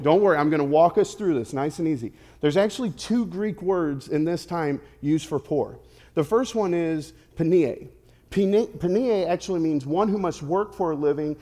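A male pastor preaching a sermon in a lively way, asking the congregation direct questions and adding playful asides. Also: a little high. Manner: animated, asks the audience direct questions.

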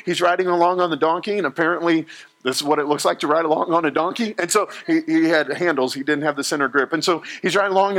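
This high-voiced man is preaching a sermon before a live congregation. He jokes his way through an animated story, switching among quoted voices.

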